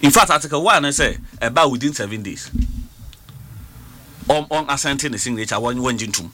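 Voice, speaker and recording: A man's voice: medium pitch, lively intonation, brisk, sharp tone. A man with a Ghanaian accent, a member of parliament, arguing hard in a political debate. He talks over others and repeats words, switching between languages.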